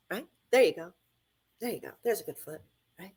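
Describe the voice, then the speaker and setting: A woman's voice: fairly low pitch, lively intonation, brisk, pauses often, a little mellow, breathy edge. A woman hosting a radio talk show, speaking in an emphatic, conversational way that repeats phrases for stress.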